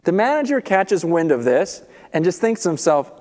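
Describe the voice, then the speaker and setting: A man preaching a sermon, telling a story with animated delivery and acting out the characters' lines. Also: high-pitched, normal speed. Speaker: pastor. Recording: long reverb of a large hall.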